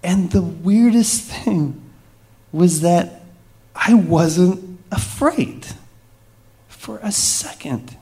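A man telling a personal story vividly, with dramatic pauses and hushed moments. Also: sits high.

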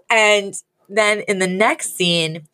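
A woman's voice: mid-range voice, sing-song, very slow, sharp tone. A woman co-hosting a podcast, chatting casually and animatedly as she retells a sitcom episode and acts out the quotes. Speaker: podcast co-host.

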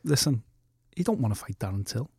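A man's voice: mid-range voice, animated, brisk, gravelly, warm tone, husky, dry recording, clean studio sound. A man co-hosting a casual fight podcast, blunt and opinionated, swearing freely. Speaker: podcast co-host. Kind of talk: casual sports podcast chat.

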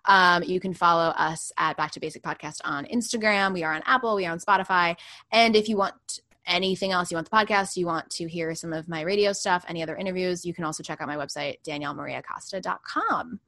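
A young woman with a New York accent, a radio host chatting as a podcast guest in an animated, agreeable way. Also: fairly low pitch, quick pace, no echo. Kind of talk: casual chat.

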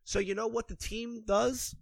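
A man's voice: sits high, steady tone, measured pace, gravelly, dry recording. A man ranting angrily about hockey, sarcastic and swearing constantly, a little congested from allergies. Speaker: hockey commentator. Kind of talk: profane ranting sports commentary.

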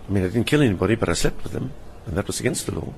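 Racing along in a low, darkish, animated voice, an older South African man shares personal tales as an interview guest, performing the voices of people he quotes. He's a stage performer, recorded in a hotel lounge with slight background noise.

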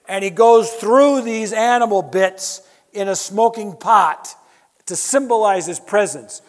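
Male preacher, high voice, emphatic repeated points, wry asides, long hall echo. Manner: emphatic, building points with repetition. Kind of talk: sermon.

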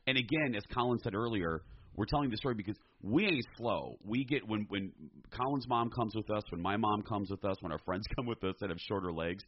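A man co-hosting a podcast in casual chat, animated and campy with sassy asides. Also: fairly low pitch, brisk, lo-fi sound, a little hiss or hum. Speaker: podcast co-host.

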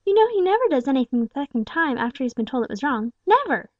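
A woman's voice: high voice, very animated, quick pace, no room sound, lo-fi sound, pitched above the performer's own voice. Salome, a timid pleading woman, as a narrator puts her on. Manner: pleading, faltering, soft-hearted. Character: timid, tender-hearted disabled woman, pleading and anxious. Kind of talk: audiobook character reading.

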